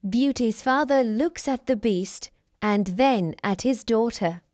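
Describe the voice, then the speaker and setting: Female narrator for a graded reader; clear, deliberate, slightly high. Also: lively intonation, darkish tone, no room sound. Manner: clear, deliberate reading for learners.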